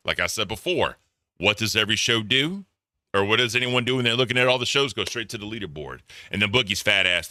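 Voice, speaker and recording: A man's voice: on the low side, sharp tone, no echo, clean studio sound. A man doing casual reaction commentary, blunt and profane, reading donor messages aloud. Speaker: commentary streamer.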